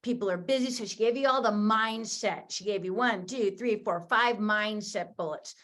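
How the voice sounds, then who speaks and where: A woman's voice: mid-range voice, normal speed, a bit bright. A woman hosting a sales training call, recapping tips in an upbeat, encouraging way and talking straight to her audience. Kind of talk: energetic coaching recap.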